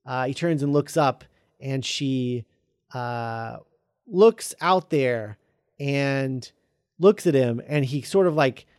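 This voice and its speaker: A man's voice: mid-range voice, smooth, dry recording. A man in casual podcast chat, retelling a film scene by scene with frequent ums and stalls. His voice sits in a middling register. The recording is very dry, with no room sound. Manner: halting, full of ums and uhs, reads quoted lines flatly.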